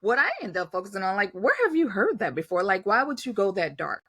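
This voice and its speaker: A woman co-hosting a podcast with a gravelly voice, a lively storyteller who acts out the people she quotes. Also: medium pitch, fast talker. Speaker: podcast co-host. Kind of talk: casual conversation.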